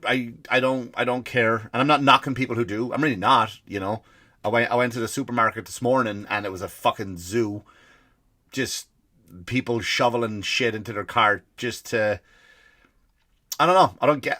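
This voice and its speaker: A man's voice: medium pitch, a bit bright, no echo, clean studio sound. An Irish man in his forties, a comedy podcast host, ranting in a rambling, profane way full of restarts. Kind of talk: comedic rant.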